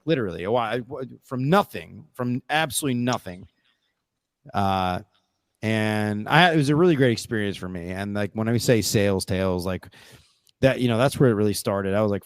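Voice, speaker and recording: A man's voice: on the low side, clean tone, no echo. A man hosting a podcast, telling a reflective, rambling personal story in casual chat. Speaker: podcast host.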